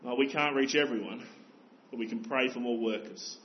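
A man's voice: mid-range voice, normal speed, highs cut off, a little hiss or hum. A man preaching a sermon as pastor, earnest and exhorting, pressing his listeners with rhetorical questions.

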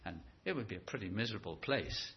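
A man preaching a sermon in a church, animated and stretching key words for emphasis. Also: on the low side, quick pace, gravelly, highs cut off.

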